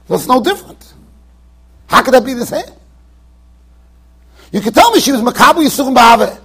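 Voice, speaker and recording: Here a man with a strikingly high, husky voice and a fairly bright tone gives a very animated Torah class in a yeshiva study hall. Emphatic and questioning, he throws rhetorical questions at his listeners, returns to the same phrases and frequently stumbles into fast restarts while constructing his argument.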